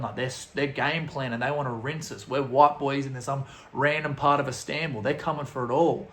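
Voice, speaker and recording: A young man telling an animated, slangy story full of swearing, as a vlogger. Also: medium pitch, a little fast, few pauses, roomy sound, a little hiss or hum. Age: young adult. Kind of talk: storytelling vlog.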